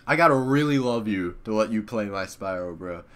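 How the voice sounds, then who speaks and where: A man's voice: on the low side, animated, fairly quick, a bit bright. Profane, rambling young man reminiscing. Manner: rambling, profane, laughs often. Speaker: YouTuber. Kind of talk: casual nostalgic commentary.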